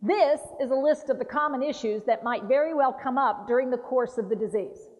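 Animated woman trainer in a roomy hall. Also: high voice, brisk. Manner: animated, acts out patient voices. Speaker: dementia care trainer. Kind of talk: lively training talk with role-play demonstrations. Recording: dull roomy hall recording.

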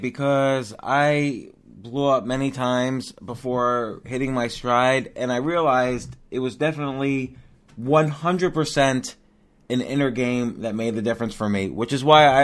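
A man hosting a podcast interview, asking questions in a halting way with restarts and fillers. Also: mid-range voice. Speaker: podcast host.

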